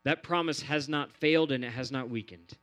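A man's voice: medium pitch, fairly quick, fairly bright tone. A man preaching a sermon in an earnest, repetitive cadence, building phrase on phrase. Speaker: pastor.

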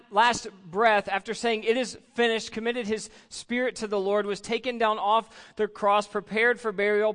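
Male pastor, high voice, chatty sermon with restarts, long hall reverb. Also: a bit bright. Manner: conversational, repeats words while searching for phrasing.

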